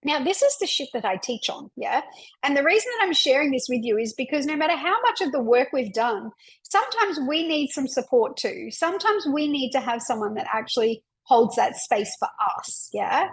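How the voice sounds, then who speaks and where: Aussie woman podcast host, kinda high voice, chatty and open, says like a lot. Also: very animated, normal speed, poor audio. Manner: open, emotional, many "like" fillers. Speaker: podcast host and women's coach. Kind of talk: candid personal storytelling.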